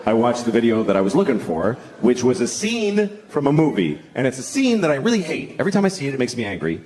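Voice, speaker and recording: A man's voice: medium pitch, background noise. A middle-aged man doing crude, mocking stand-up comedy and acting out other people's voices. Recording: live show with crowd laughter.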